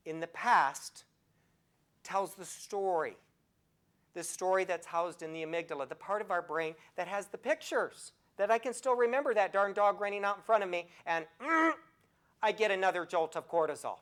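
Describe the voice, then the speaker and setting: In a lowish voice at normal speed, a nursing professor in her sixties addresses an audience on health, animated in her storytelling and prone to asking people direct questions.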